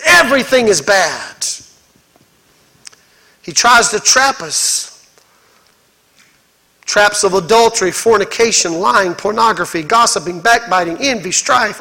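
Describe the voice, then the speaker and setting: Male pastor, very high and sharp-toned, rhythmic and fervent sermon delivery. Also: poor audio. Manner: builds to shouted, fervent preaching; repetitive rhythmic exhortation.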